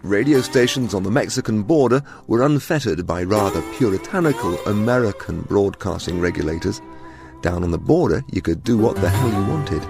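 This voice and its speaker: A man's voice: on the low side, expressive, fairly quick, gravelly, music in the background. A man presenting a radio documentary, narrating a script with dry, wry storytelling.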